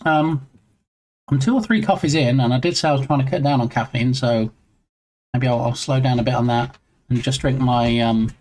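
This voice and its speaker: Male streamer at his desk, mid-pitched, loose and chatty, pokes fun at himself. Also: moderate pace, darkish tone. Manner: chatty, self-deprecating, answering chat. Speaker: streamer and game developer. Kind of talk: casual live-stream chat.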